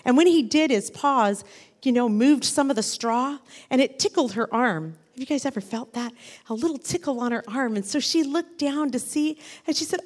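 A woman telling a story to a group of children, animated and asking them questions along the way. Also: sits high, normal speed, long reverb tail.

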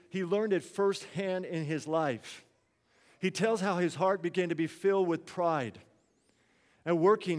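A man's voice: a little high, big-room sound. A man preaching a sermon, telling a story in an earnest, conversational way.

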